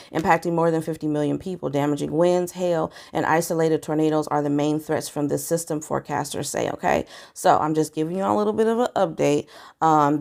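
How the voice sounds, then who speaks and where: Woman vlogger, low and gravelly, casual chatty read-through of news items for viewers. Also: a little mellow. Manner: chatty, conversational, addresses viewers directly. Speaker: vlogger giving news updates. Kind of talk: casual vlog chat, reading articles aloud. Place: home in California.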